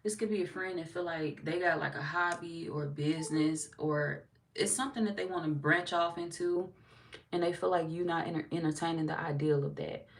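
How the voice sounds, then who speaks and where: A woman's voice: low voice, brisk, vocal fry, far from the mic. A woman giving a casual tarot reading, talking bluntly with lots of cursing and acting out what other people say. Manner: blunt, profane, animated, slips into quoted voices. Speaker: tarot reader.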